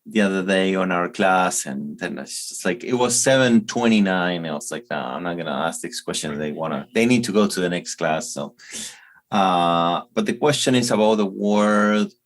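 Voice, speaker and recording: An Argentine-accented man with a lowish voice, a native Spanish speaker, asks about English in relaxed conversation. He builds each question by repeating and restating it, checking in with a quick "right?". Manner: inquisitive, repeats himself to frame questions. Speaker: co-host and English learner. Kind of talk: casual chat asking language questions.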